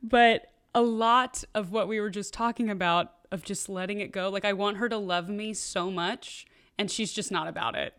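A woman's voice: medium pitch, fairly even intonation, moderate pace, few pauses, a bit bright, clear, resonant tone. A woman guest on a casual podcast, talking openly and chattily, working her thoughts out as she speaks. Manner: open, chatty, thinks aloud.

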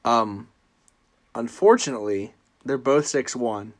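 A man hosting a casual sports podcast, animated and teasing, often breaking into loud laughs. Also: medium pitch, unhurried. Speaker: podcast host.

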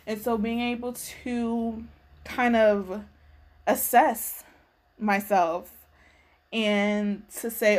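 A woman's voice: fairly high pitch, steady tone, extremely slow, long pauses. A woman host talking casually and reflectively about her needs, voicing her own prayers as she goes. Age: adult, working. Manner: conversational, acts out her prayers aloud. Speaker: faith podcast host.

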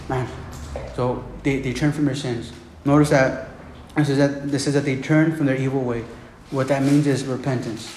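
A man's voice: mid-range voice, fairly even intonation, normal speed. A male pastor preaching a Bible sermon in a casual, repetitive way, often saying "man". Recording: roomy room, faint background noise.

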